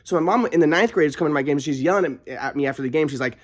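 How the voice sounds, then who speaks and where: A man's voice: fairly high pitch, racing. A young adult man vlogging, telling a personal story in a rambling, aggrieved way with frequent restarts.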